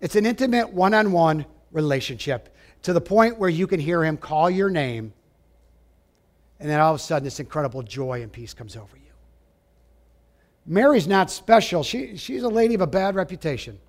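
A man preaching a sermon, emphatic, asking his listeners direct questions and dropping to a hush at times. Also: on the high side, lively intonation, normal speed. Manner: emphatic, rising and falling, drops to a hush for quoted lines; asks the audience direct questions.

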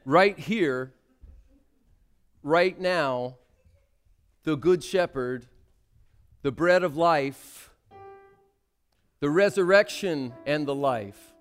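Man, sermon, high voice, slow unhurried delivery, dramatic, hushed to loud. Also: expressive, clean tone, faint music behind. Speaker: preacher.

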